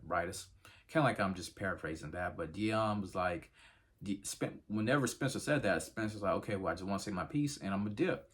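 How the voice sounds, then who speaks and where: A man's voice: on the low side, fairly quick. Chatty man recapping a TV episode. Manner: animated, acts out characters' lines in quotes; conversational, many fillers like "you know" and "right". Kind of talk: casual episode recap commentary.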